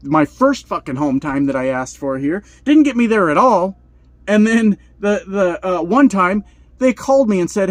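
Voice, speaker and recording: A man's voice: sits high, animated, normal speed, no room sound. A man who drives trucks over the road, venting in a heated, profane vlog rant from his truck cab.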